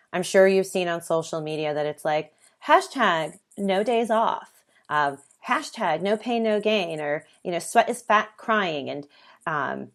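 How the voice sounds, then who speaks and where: A woman hosting her own podcast, talking earnestly and conversationally, with lists and the occasional filler. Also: fairly low pitch. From United States. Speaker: podcast host. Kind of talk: solo podcast monologue.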